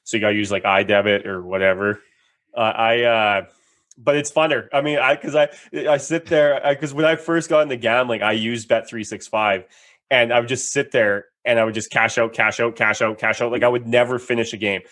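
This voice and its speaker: A man's voice: mid-range voice, level tone, brisk, fairly bright tone. A man, a podcast host telling stories animatedly and laughing often in casual chat.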